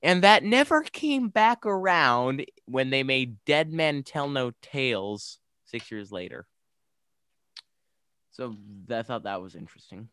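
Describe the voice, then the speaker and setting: A man's voice: mid-range voice, fairly bright tone, slight background noise. A young man co-hosting a casual podcast, talking enthusiastically and rambling with frequent restarts. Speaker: podcast co-host. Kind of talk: casual podcast chat about games.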